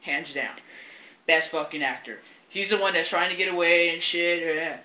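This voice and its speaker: A woman's voice: on the low side, normal speed, reverberant. Young woman ranting, swearing freely. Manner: profane, rambling, animated. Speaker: film reviewer. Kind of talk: casual ranting review.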